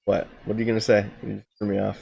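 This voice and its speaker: A man's voice: fairly low pitch, completely flat delivery, quick pace, vocal fry, mellow, breathy edge. A man co-hosting a casual podcast, joking crudely. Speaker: podcast co-host. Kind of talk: casual chat.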